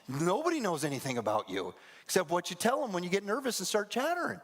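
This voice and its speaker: A male pastor preaches with an animated delivery, his voice sitting fairly high and swinging widely in pitch. He acts out scenes in different voices. The sermon rings through a church sanctuary with a long reverb. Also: fast talker. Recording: echoey church hall.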